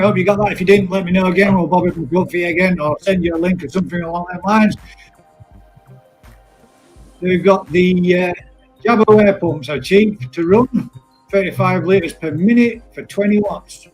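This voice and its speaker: A high-pitched, husky man hosting a relaxed live chat. He laughs easily, rambles through his thoughts and keeps calling everyone mate. Faint music plays softly behind him. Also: normal speed, low-quality recording. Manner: chatty, laughs often, calls people mate. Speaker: live stream host.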